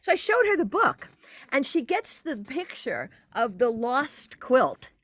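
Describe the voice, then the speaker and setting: Older female guest, lively raconteur with big pitch swings; higher register, dry close mic. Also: unhurried, no echo. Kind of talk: casual storytelling interview.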